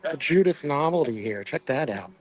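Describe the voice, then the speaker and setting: A man's voice: on the high side, lively intonation, moderate pace, poor audio. A man vlogging live from an auction floor, chatting to viewers and pointing out what is going on around him, recorded on a handheld camera. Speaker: vlogger filming on location. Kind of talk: live walkaround commentary.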